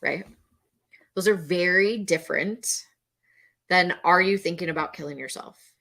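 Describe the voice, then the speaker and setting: A woman's voice: lowish voice, normal speed, a bit bright. A middle-aged woman teaching as a mental health educator, earnest and repetitive, now and then acting out a panicked voice. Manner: earnest, repeats key phrases, acts out panicked voices. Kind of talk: instructional talk to camera.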